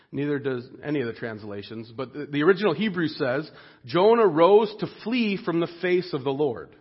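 Husky-voiced man preaching earnestly. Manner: earnest and expressive, dropping soft and low on grave moments. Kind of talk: sermon. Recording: dull lo-fi recording.

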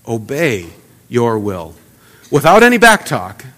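A pastor giving a sermon in a conversational way, asking the congregation rhetorical questions and acting out little everyday asides. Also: male voice, medium pitch, huge pitch swings, takes it slowly, a bit bright. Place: church sanctuary. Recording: long church reverb.

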